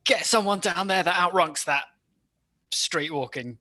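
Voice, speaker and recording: A player voicing a brisk male planner, giving orders. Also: mid-range voice, sharp tone, voice pushed up. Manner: brisk, commanding, chuckling. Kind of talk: tabletop role-play in character.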